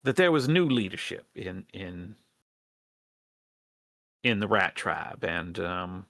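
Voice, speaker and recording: A man's voice: low voice, sing-song, takes it slowly, fairly bright tone, no room sound, clean studio sound, full character voice. A man voicing an earnest female rat rebel who pleads for allies, in a hesitant folksy drawl full of restarts. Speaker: game master. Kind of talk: in-character role-play in a tabletop game.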